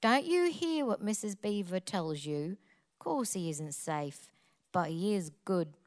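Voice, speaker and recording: Woman putting on a cockney beaver guy, earnest, insisting, slow and low-ish. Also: expressive. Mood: insistent. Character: gruff male talking beaver, earnest, insistent.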